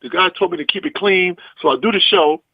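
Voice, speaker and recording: Male comedian from the US East Coast, animated anecdote teller, somewhat dull audio. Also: high-pitched, fairly quick, gravelly, no echo. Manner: animated, acts out every quote, salty language. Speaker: comedian guest. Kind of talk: storytelling anecdote. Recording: dull, dry podcast audio.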